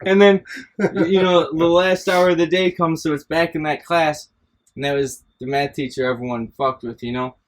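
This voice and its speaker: A man's voice: on the high side, fairly even intonation, moderate pace. A man casually telling stories from his school days, rambling and profane, often breaking into laughter. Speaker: podcast host. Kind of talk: casual storytelling chat.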